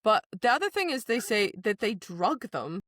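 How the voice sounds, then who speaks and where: A woman's voice: medium pitch, no echo, clean studio sound. A woman co-hosting a casual book-club podcast, talking animatedly about a novel and playfully acting out its characters. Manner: animated, acts out characters with a quick rush. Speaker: podcast co-host.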